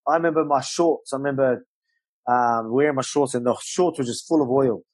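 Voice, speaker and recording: Animated man telling a story. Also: medium pitch, a little fast, no room sound, low-quality recording. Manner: animated storyteller, loose swearing, acts out quotes. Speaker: guest, professional fighter. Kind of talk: storytelling in casual interview.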